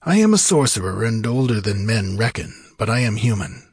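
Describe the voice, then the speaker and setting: A man voicing a mocking, ageless male sorcerer in a storybook reading, slow and theatrical. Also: on the low side, big pitch swings, breathy edge, no echo, exaggerated voice. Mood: ominous.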